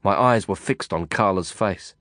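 A man reading a novel aloud in first person, measured and reflective. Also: fairly low pitch, a bit bright, dry recording, clean studio sound. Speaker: audiobook narrator. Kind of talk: first-person audiobook narration.

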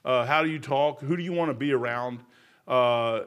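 A man's voice: medium pitch, normal speed, clean tone. A man, preaching a sermon in a folksy, storytelling way. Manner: folksy, storytelling, gets loud and animated telling jokes.

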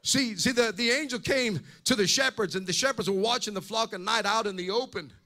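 A man's voice: high voice, brisk, bright, forceful tone. A male pastor preaching a sermon in an impassioned way, often repeating words as he goes.

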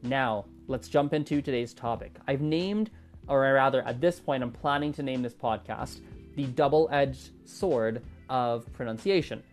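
A man's voice: medium pitch, measured pace, soft background music. Rambling man hosting a solo podcast. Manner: rambling, self-correcting, thinks aloud. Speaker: podcast host. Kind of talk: improvised solo podcast talk.

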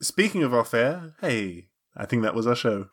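A man's voice: medium pitch, very animated, normal speed. A man co-hosting a podcast, chatting casually with jokey, rambling asides. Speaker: podcast co-host. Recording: loud background noise.

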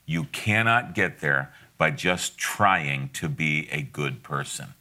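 A man's voice: rumbling low, expressive, slow, vocal fry, bright, forceful tone. A middle-aged man giving a conversational sermon, folksy and direct, with asides and frequent laughs.

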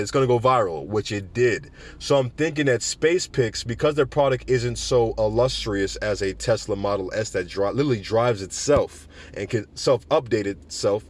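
A man giving casual, sarcastic commentary on cannabis news, animated and often acting out other people's voices. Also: medium pitch.

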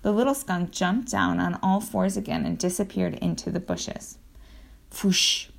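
A woman reading a children's adventure book aloud, telling it lively and acting out the sound effects. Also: fairly low pitch, measured pace, gravelly. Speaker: audiobook narrator.

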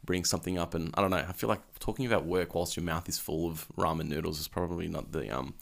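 A young man hosting a podcast in a relaxed, casual chat, swearing freely and laughing easily. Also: low-pitched, quick pace, gravelly. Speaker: podcast host.

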